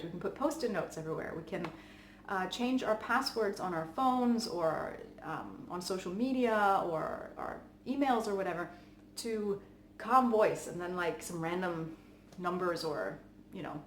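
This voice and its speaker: A woman giving parenting advice in a calm, earnest, chatty way, with frequent fillers. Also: on the low side, moderate pace. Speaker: parenting coach. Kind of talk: casual advice talk to camera. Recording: echoey room with faint background noise.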